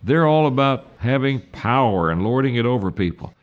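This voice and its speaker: An older male pastor delivers a sermon in an earnest, deliberate way. His voice sits at a middle pitch. He leans on key phrases and slows down to drive them home. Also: expressive, lo-fi sound. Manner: earnest, deliberate preaching with slow emphatic stresses.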